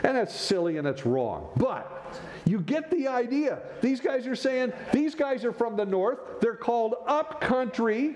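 A man preaching a sermon as pastor, animated and joking with the congregation between points. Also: very high-pitched, measured pace.

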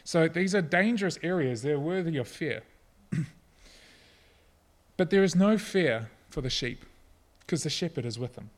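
A middle-aged man preaching a sermon, earnest and personal, at times soft and reflective. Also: fairly high pitch, animated, measured pace. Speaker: pastor.

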